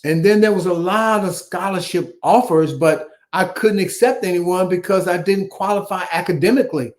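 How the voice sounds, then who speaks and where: Older Chicago-raised man with a slightly high voice, telling stories and acting out the voices in them. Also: moderate pace. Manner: animated storyteller who acts out the dialogue. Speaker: guest, former basketball player. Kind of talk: storytelling interview.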